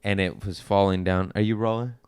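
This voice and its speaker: Brief: man, lowish voice, smooth and clear, crude animated storyteller, dry studio sound. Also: fairly quick, no room sound. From Mexican-American family. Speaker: podcast guest. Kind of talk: casual podcast chat.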